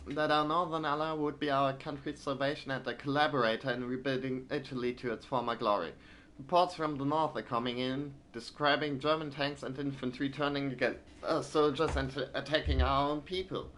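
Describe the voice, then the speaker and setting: A man's voice: mid-range voice, a bit bright, a little hiss or hum. Man reading game newspapers aloud. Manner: reads in-game newspapers aloud, then trails into hesitant asides. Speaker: streamer playing a video game. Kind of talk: let's play, reading game text aloud.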